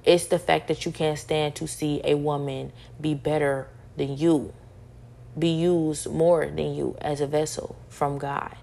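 A young woman with a low, gravelly voice speaks in a flat, steady tone. She vents her frustrations in a personal monologue, circling back and repeating each point over and over. Her tone is dark and mellow. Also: unhurried. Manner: repetitive, frustrated, restating each point several times. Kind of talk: venting monologue.

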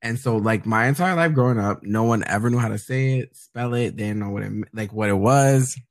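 A man co-hosting a podcast, telling stories in a relaxed, wry way and swearing casually. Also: mid-range voice, a little fast, dry recording. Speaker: podcast co-host. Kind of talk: casual chat.

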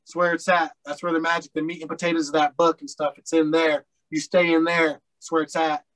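A man from Colorado with a fairly high voice talks as a podcast guest. He tells his story candidly, rambling through fillers and swearing bluntly. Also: level tone, brisk, fairly bright tone, low-quality recording. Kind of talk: casual storytelling interview.

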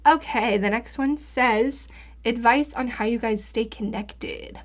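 A woman's voice: a little high, slow. A woman co-hosting an advice podcast in a casual chat. She speaks in a friendly, reflective way, often adding "you know". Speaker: podcast co-host.

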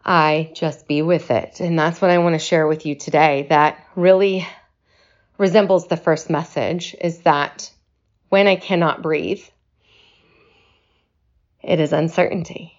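Woman, short of breath, slow reassuring talk, low voice, dull lo-fi sound. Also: fairly even intonation. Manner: slow, reflective, reassuring delivery. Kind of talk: personal video message.

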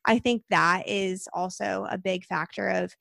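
Young woman hosting a chat, candid, kinda gravelly, super dry sound. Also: mid-range voice, steady tone, measured pace, fairly bright tone, no room sound. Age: 20s. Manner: candid, chatty, laughs easily. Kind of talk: casual conversation.

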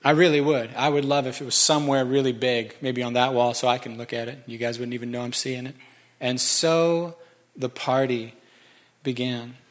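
A man's voice: medium pitch, little pitch movement, fast talker, hardly any pauses. A man preaching a sermon, conversational and joking with the congregation. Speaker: pastor.

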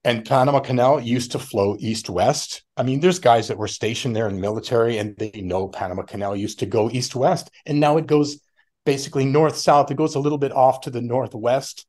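A middle-aged man talking casually as a podcast guest, rambling and animated, often laughing and acting out other people's voices. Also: medium pitch, fairly quick. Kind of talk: casual conversation.

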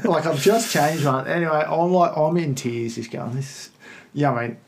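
A man's voice: on the high side, moderate pace. A man in his thirties with an Australian accent, co-hosting a podcast and rambling through a funny story with frequent laughs. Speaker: podcast co-host. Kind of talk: casual chat.

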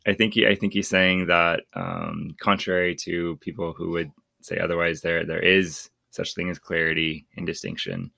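A man's voice: sits low, flat delivery, moderate pace, creaky, sharp tone, no room sound. A man in his thirties hosting a casual book-club podcast, rambling with many restarts and laughing often. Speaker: podcast host.

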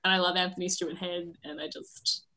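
Bright, gushing woman on a podcast. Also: on the low side, completely flat delivery, fairly quick. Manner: gushing, giggly, lots of fillers. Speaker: podcast co-host. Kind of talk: casual podcast chat.

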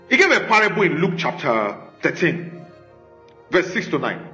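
A man's voice: a little high, huge pitch swings, normal speed, pushed and bright. A man preaching a sermon as pastor, emphatic and rhetorical, scolding his congregation. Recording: echoey room with faint music.

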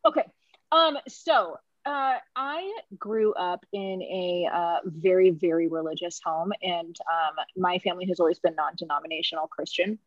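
A young woman on a podcast, telling a personal story in emotional casual chat, halting with many fillers and laughing through tears. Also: on the low side, no room sound. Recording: dull lo-fi sound.

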